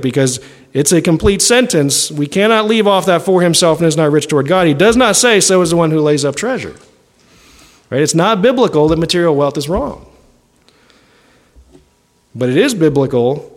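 A pastor with a slightly high voice preaches a sermon, reading scripture and explaining it conversationally. He often checks in with his listeners by asking "right?".

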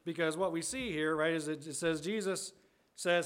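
A man's voice: a little high, brisk. Conversational pastor, a man preaching. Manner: conversational, often asks "right?" and rephrases. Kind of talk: sermon.

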